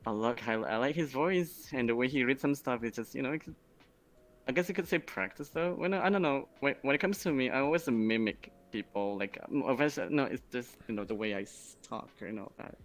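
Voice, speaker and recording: A man from Malaysia with a Malaysian accent, a guest in a casual interview, talking hesitantly with many restarts and soft trailing ends. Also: medium pitch, fairly quick. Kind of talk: casual chat.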